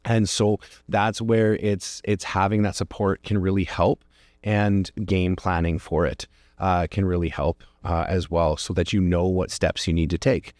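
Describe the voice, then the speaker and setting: A man's voice: low-pitched, little pitch movement, unhurried, a little mellow, no echo, studio quality. A man hosting a podcast, telling a personal story in an earnest, reflective way and encouraging his listeners. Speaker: podcast host.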